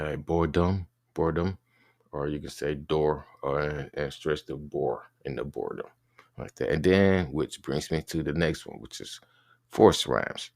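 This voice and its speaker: A man giving an informal spoken lesson, halting and restarting often, spelling words out letter by letter. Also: very deep voice, vocal fry, no echo, clean studio sound. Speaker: teacher explaining rap rhyme schemes.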